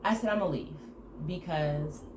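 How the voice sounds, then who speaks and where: A woman telling a casual story to her viewers in an animated way, acting out the dialogue. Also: deep voice, unhurried. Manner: animated retelling with acted-out quoted dialogue. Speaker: storytime vlogger. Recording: echoey room with background noise.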